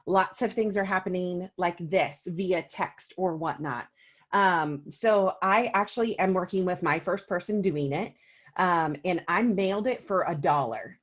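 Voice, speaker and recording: A woman's voice: on the low side, highs cut off. A woman chatting on a video call as a meeting co-host, telling stories with lots of ums. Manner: chatty storyteller, many ums. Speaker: co-host of an oils business meeting. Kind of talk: casual video call talk.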